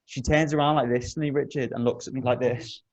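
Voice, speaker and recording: A man co-hosting a podcast, telling an animated, sweary story in casual chat. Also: medium pitch, fast, muffled recording. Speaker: podcast co-host.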